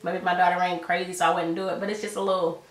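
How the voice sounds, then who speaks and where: A woman's voice: fairly low pitch, flat delivery, fast talker, roomy sound, far from the mic. A woman giving a casual, slangy recap of a TV episode in a chatty retelling manner. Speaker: TV episode reviewer.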